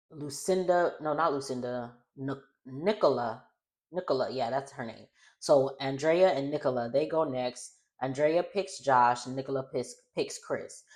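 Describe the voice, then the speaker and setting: A woman talks through a reality show episode in a loose, chatty recap. Her voice sits very low for a woman, and she rambles and corrects herself as she goes. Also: a little mellow. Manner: chatty, rambling, self-correcting, laughs often. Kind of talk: casual recap chat.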